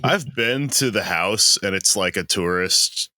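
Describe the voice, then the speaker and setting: A man's voice: low-pitched, measured pace, sharp tone, slight background noise. A man co-hosting a podcast, chatting in an offhand, wry way. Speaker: podcast co-host. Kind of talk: casual chat.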